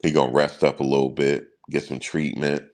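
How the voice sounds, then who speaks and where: A man's voice: extremely low pitch, little pitch movement, brisk, a little mellow. A man hosting a sports channel, chatting casually in loose, slangy banter and chuckling at his own stories.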